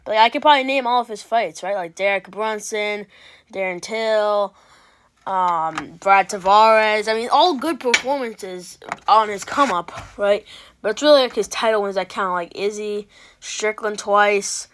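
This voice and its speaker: A woman's voice: medium pitch, measured pace, noisy background. A woman hosting an MMA reaction video, talking in a loose, rambling way with restarts and casual swearing.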